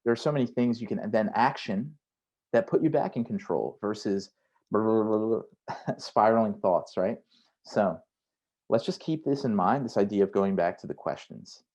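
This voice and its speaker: Male career coach with a slightly low voice, relaxed and chatty workshop delivery, keeps tagging lines with "right?". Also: a little slow. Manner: conversational, frequent "right?" tags; acts out inner voices in quotes. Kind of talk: online workshop talk.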